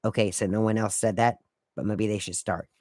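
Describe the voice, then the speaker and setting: A man with a fairly low voice hosts a casual solo podcast, recorded close and dry with no room sound. He lays out rules in a wry, lightly lecturing way. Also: fairly even intonation, brisk, a little mellow, no echo. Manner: wry, lecturing etiquette tips. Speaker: podcast host.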